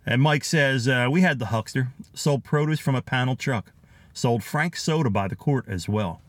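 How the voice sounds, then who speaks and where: A man's voice: medium pitch, normal speed, no echo. A middle-aged man with a Philadelphia accent, hosting a podcast and reading out listener comments in a chatty, nostalgic way, chuckling often. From Philadelphia area, USA. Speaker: podcast host.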